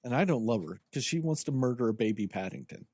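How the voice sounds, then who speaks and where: A podcast co-host rants about a film in a casual movie-review chat, animated, sarcastic, and swearing freely. His medium-pitched voice moves at a quick pace, recorded in studio quality with no room sound.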